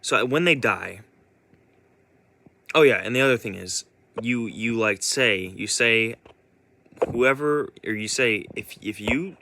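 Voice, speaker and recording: A man's voice: lowish voice, takes it slowly, vocal fry, pauses often, bright, forceful tone, a little hiss or hum. A man giving a casual spoken monologue as a vlogger, rambling with many restarts.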